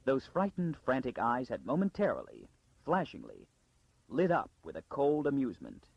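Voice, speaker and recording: A man narrating an audiobook in a dramatic storytelling style with a gravelly, husky voice. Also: mid-range voice, huge pitch swings, normal speed, no echo, highs cut off. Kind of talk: scripted narration.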